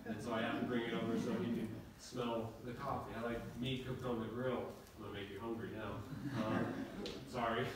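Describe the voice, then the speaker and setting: A man preaching a sermon to his congregation, conversational and warm in delivery, often restarting his phrases. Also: medium pitch, flat delivery, moderate pace, hardly any pauses, background noise. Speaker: pastor. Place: church sanctuary. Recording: echoey hall from far off.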